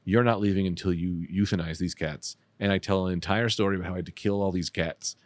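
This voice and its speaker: A man hosting a comedy podcast, rambling and self-mocking, swinging between loud bursts and mutters. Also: sits low, fairly even intonation, fast, dry recording. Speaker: podcast host. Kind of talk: casual comedic chat.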